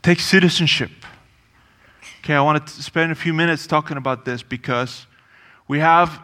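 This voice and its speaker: A man's voice: a little high, moderate pace, sharp tone, long reverb tail. A man preaching a sermon in a conversational, emphatic way, repeating phrases and dropping in offhand asides.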